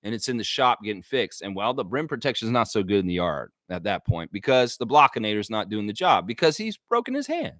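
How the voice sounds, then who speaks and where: Animated ranting man, dry close sound. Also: lowish voice, fast talker, hardly any pauses, no echo. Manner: animated, ranting, mock-voices in asides. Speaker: host of a basketball fan livestream. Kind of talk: casual livestream commentary.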